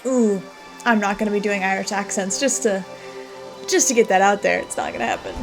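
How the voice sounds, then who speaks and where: A woman's voice: medium pitch, fairly quick, vocal fry, rough recording. A woman hosting a gameplay video, chatting casually and laughing often as she plays. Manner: chatty, laughs often, reads dialogue aloud. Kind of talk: casual let's play commentary and reading game text. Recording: background music under voice.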